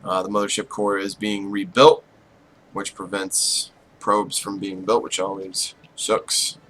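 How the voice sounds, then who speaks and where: A man giving casual, self-deprecating play-by-play commentary on a strategy game, with bursts of excitement when the fighting heats up. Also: lowish voice, unhurried, a little hiss or hum, low-quality recording. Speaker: esports caster.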